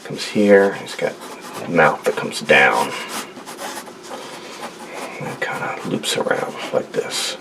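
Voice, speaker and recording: A man's voice: extremely low pitch, animated, slow pace, creaky, pauses often, noisy background. A man talking casually and rambling through a drawing demonstration at his desk, joking and talking to himself as he works. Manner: rambling, jokey, talks to himself while drawing. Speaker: artist. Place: home studio desk.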